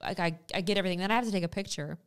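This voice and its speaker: A young female podcast co-host races through a story in casual talk, her fairly low voice smooth as she animatedly performs what everyone said.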